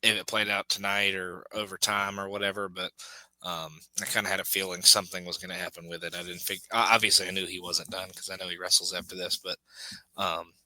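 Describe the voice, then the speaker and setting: A man with a low, very bright and sharp voice talks through his take in a relaxed, hedging way. The sound is dry and close, with no room around it. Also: fairly quick, dry recording, low-quality recording. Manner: relaxed, hedging, lots of ums. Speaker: podcast co-host. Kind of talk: casual chat.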